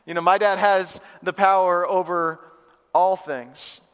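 A male pastor giving a lively, conversational sermon to a live church congregation, repeating phrases for emphasis. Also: high voice, unhurried, clean tone. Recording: long hall reverb.

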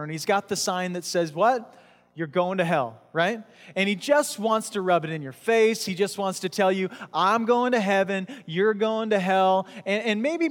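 A man preaching a casual, conversational sermon, joking and bantering with his congregation. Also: sits high. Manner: chatty, jokey, talks with the crowd. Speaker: pastor. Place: church hall with audience. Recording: long hall reverb.

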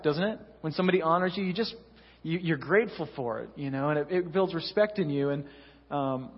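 A young man, a senior pastor, preaching a sermon in a church in a conversational storytelling way, often adding "you know". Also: on the high side. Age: young adult. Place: church sanctuary. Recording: distant echoey hall, dull lo-fi sound.

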